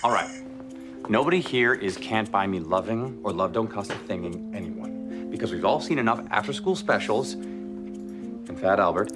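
A man's voice: fairly low pitch, expressive, normal speed, close to an everyday voice. An actor playing a self-assured, sarcastic young man who keeps his friends in line in a sitcom. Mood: firm. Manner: firm, dryly sarcastic. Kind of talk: sitcom acting. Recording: sitcom clip with music underneath.

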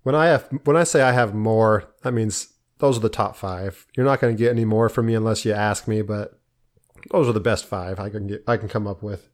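A man's voice: on the low side, brisk. A man co-hosting a casual podcast, sharing movie trivia with enthusiasm and frequent laughter. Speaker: podcast co-host.

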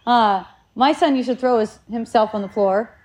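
A woman in her forties tells a casual, animated story, laughing often and restarting her sentences as she goes. Her voice sits a little high. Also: normal speed. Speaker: parent sharing a story.

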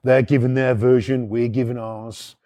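A middle-aged man with a British accent, telling a rough anecdote in blunt, heavily profane casual speech. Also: medium pitch, flat delivery, normal speed, mellow. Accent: British English. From United Kingdom. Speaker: storyteller.

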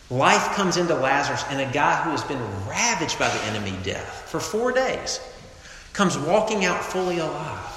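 A man preaching a sermon to a campus crowd, emphatic, swinging between loud declarations and hushed lines. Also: a little high, slight background noise. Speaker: pastor. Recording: echoey hall, long reverb.

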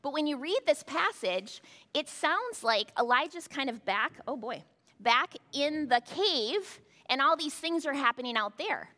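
A woman's voice: high-pitched, animated, a little slow, pushed and bright. A woman pastor giving a sermon, talking conversationally with rhetorical asides to the congregation. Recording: long hall reverb.

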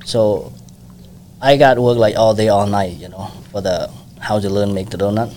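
Relaxed lower-voiced man. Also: moderate pace, slight background noise. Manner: simple non-native English, relaxed and friendly. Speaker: donut shop owner. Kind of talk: casual interview.

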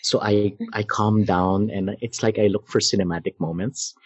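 A man telling a personal story in conversation, measured and dramatic, pausing and laughing softly as he goes. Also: on the low side, steady tone, slightly rough, dry recording, muffled recording. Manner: measured, dramatic retelling with pauses and soft laughs. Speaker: guest storyteller.

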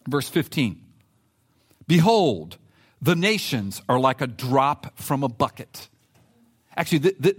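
Reading scripture aloud with emphasis, a pastor delivers his sermon in an animated, conversational manner. His voice is male and mid-range.

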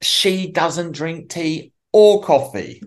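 An English man in his sixties co-hosting a podcast, chatting casually and telling jokey, animated stories. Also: fairly high pitch, slow pace. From England. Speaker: podcast co-host. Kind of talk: casual chat.

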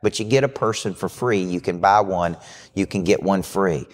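A man hosting a live business show as a coach, giving a brash, fast-talking motivational pitch. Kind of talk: live podcast talk. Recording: hall reverb.

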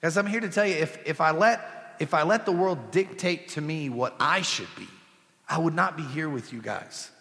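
A young male pastor preaching in a church with a slightly high, bright, forceful voice. He talks to the congregation in a loose, conversational way and slips jokes and family stories into the message. His voice carries a long, ringing reverb from the hall. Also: lively intonation, normal speed. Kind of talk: sermon.

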